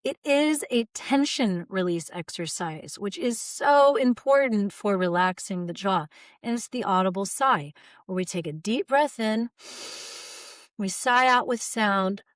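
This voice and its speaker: A woman voice coach calmly guiding listeners through relaxation exercises, modeling sighs and open "ah" sounds. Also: medium pitch, a little slow, dry recording, studio quality. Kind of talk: guided vocal exercise instruction.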